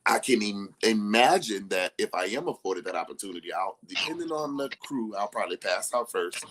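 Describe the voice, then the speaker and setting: Guest: young man, low-pitched, chatty storyteller who laughs easily. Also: brisk. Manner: animated storyteller who laughs often and acts out quoted people. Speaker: interview guest. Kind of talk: casual live-stream chat.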